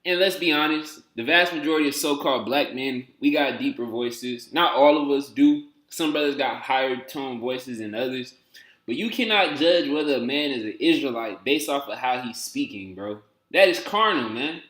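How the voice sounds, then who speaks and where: A man's voice: mid-range voice, lively intonation, moderate pace, fairly bright tone, echoey room. A man hosting a reaction video, talking casually and emphatically with slang. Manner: conversational, emphatic, streetwise slang. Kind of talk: casual commentary.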